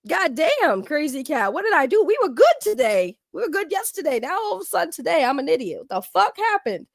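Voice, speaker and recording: High-pitched woman ranting to her stream chat, swears a lot, dry close sound. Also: a little fast, gravelly, hardly any pauses, no room sound. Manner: animated, talks back to chat, swears and laughs. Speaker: livestream host. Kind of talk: casual livestream rant.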